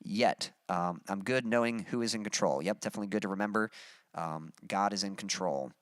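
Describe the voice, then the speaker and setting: A Texas musician with a mild local accent chats loosely on a livestream, reading his chat aloud in a relaxed, rambling way full of fillers. His voice sits lowish and moves briskly, captured in clean studio sound with no echo.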